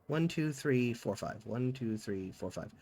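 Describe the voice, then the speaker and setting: A man's voice: medium pitch, a little slow, breathy edge. A man streaming a text game, reading its dialogue aloud and chatting about it. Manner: lively, reads in-game dialogue with small voice changes.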